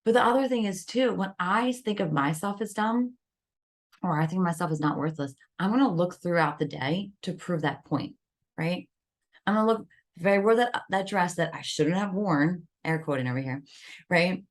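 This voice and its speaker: A woman's voice: fairly low pitch, moderate pace. A woman guest on a wellness podcast, talking animatedly about stress and self-talk and acting out the voice of the inner critic. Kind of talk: podcast interview.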